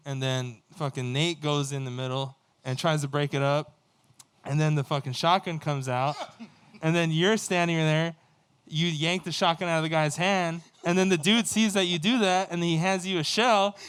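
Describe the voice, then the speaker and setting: Smooth-voiced man telling a rowdy story. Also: fairly high pitch, normal speed. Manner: animated, profane, acts out quoted dialogue. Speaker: band member. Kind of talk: casual storytelling on a livestream.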